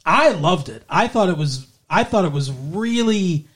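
A young man with a notably high-pitched voice chats casually about a film. His talk rambles, full of fillers, false starts and self-corrections. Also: animated, unhurried, fairly bright tone, slightly rough. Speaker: podcast co-host reviewing a film. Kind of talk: casual conversation.

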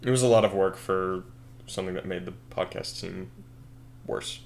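A man co-hosting a podcast, brainstorming a story in casual chat, animated and laughing often as he acts out scenes. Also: deep voice, moderate pace, gravelly, slight background noise. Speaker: podcast co-host.

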